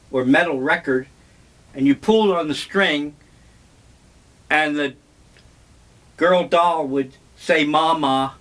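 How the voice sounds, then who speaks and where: An older man vlogging, telling memories in a slow, wry, meandering way. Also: a little high, fairly bright tone. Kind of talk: casual reminiscing monologue.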